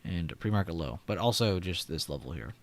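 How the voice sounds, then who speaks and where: A man's voice: low-pitched, animated, fairly quick. A young man hosting a live trading stream, chatting casually, reading comments and laughing often. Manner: chatty, reads chat aloud, laughs often. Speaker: livestream trading host.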